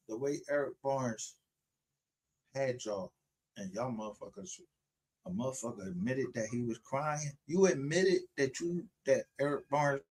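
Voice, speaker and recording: A man's voice: mid-range voice, dark tone. A man hosting his own livestream show, ranting in a heated, profane and confrontational way. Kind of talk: unscripted livestream rant.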